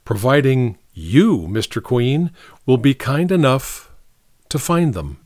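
A man's voice: mid-range voice, very animated, takes it slowly, darkish tone, no echo. A level-headed young countrywoman who speaks in a cool, matter-of-fact way, as a male reader puts her on. The reading is dry and close to the mic. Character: cool, plain-spoken young farm woman.

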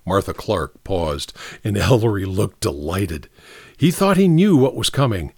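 A man reads an audiobook with expressive, measured delivery. His pitch moves in a lively way. The recording is close and dry. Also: husky, dry recording. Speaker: narrator. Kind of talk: audiobook narration.

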